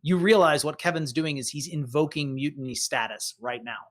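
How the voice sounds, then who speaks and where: A game master narrates a tabletop game, describing the scene in a lively, descriptive flow. The voice sits at a middle pitch. It is relaxed storytelling for the players. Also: a little fast.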